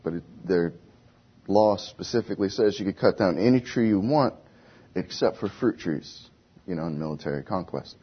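Casting: a man with a low, husky voice as a chatty Bible teacher. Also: expressive, normal speed. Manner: conversational, asks the class questions. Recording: dull lo-fi recording.

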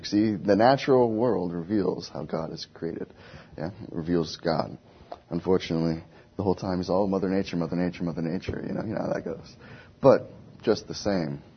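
A man's voice: low-pitched, vocal fry, husky. A man giving an informal Bible lesson, talking conversationally and often asking his listeners questions. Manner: conversational, asks the class questions. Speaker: Bible teacher. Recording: dull lo-fi recording.

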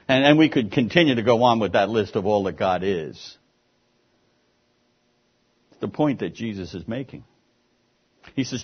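A man's voice: lowish voice, animated, moderate pace, long pauses, breathy edge, lo-fi sound. A man preaching an expository sermon, explaining the text with emphatic, rising and falling delivery.

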